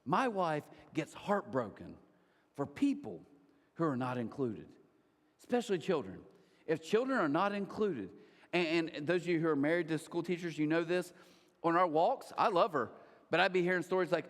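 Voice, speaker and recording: A man preaching a sermon as pastor, animated, with asides to the crowd and put-on high voices for others. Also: a little fast, long reverb tail. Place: church auditorium.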